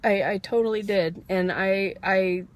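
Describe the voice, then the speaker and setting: A woman's voice: mid-range voice, fairly even intonation, a little slow. A woman telling a candid, rambling personal story in a vlog, laughing at herself now and then, getting over a cold with an occasional cough. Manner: candid, rambling, self-deprecating with soft laughs. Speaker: vlogger.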